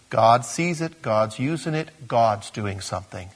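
Husky-voiced male pastor preaching conversationally. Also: medium pitch, lively intonation, moderate pace, few pauses. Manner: conversational, self-deprecating, addresses congregation as gang. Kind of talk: sermon.

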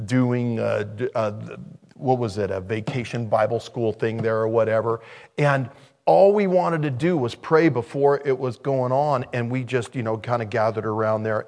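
A man preaching a sermon in an animated way, swinging from loud and excited to quiet and reflective. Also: mid-range voice.

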